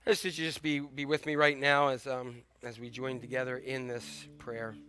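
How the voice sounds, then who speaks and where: A man preaching a sermon as pastor, swinging between loud urgent exhortation and hushed, intimate lines. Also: medium pitch, flat delivery, normal speed, clean tone, no room sound. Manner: repetitive emphatic exhortation.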